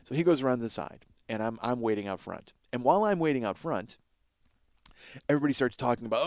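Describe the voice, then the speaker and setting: Fast-talking, profane storytelling man. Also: mid-range voice, no echo. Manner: profane, animated storyteller acting out quotes. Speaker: podcast host. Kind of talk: casual storytelling monologue.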